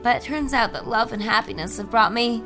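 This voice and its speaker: A woman's voice: on the high side, a little fast, sharp tone, faint music behind. A woman voicing a dreamy, pen-obsessed woman musing in a confessional. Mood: wistful.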